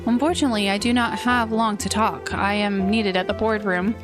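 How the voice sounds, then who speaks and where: A woman's voice: medium pitch, fairly even intonation, a little fast, close to an everyday voice. A woman voicing a formal, stiff businessman who talks in a robotic way over game music. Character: formal stiff businessman Jerry, adult male.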